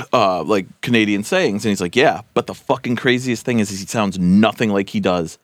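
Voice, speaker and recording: Low-voiced man rambling on a podcast. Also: moderate pace, no echo. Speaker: podcast co-host. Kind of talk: casual chat.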